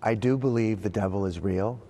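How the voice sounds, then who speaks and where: Deep-voiced calm priest. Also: male voice, a little hiss or hum. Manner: calm, earnest, deliberate. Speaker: Catholic priest. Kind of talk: interview answers.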